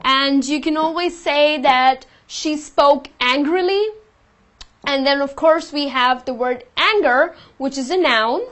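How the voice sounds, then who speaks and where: Female teacher, higher voice, patient and explanatory, lesson delivery. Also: slow, fairly bright tone. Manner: patient, explains with example sentences. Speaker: English teacher.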